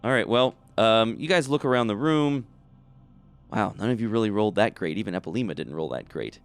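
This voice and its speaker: A man with a lowish, clean, resonant voice runs a tabletop game as game master. He describes rooms and calls for dice rolls in a relaxed, easygoing manner. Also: a little fast, clear, resonant tone.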